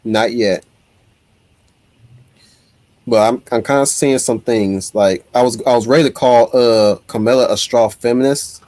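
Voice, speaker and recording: A man with a mid-range voice speaks a little slowly, leaving long pauses, in an echo-free recording. He hosts a casual livestream, reading chat comments aloud in an animated, rambling way full of restarts.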